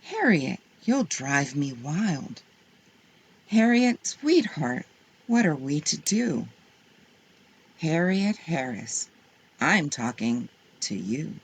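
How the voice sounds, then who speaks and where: A woman's voice: sits low, big pitch swings, slow, slightly rough, full character voice. A woman doing a patient, exasperated mother. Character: patient mother trying not to yell.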